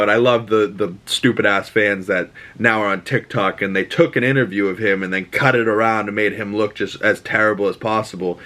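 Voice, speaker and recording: A young man with a Boston accent and a somewhat low-pitched voice hosts his own show. He recaps a TV episode in a loose, profane, animated way, ranting as he goes. He breaks into quick voices for the characters he describes. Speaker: show host. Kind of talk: casual TV recap and rant.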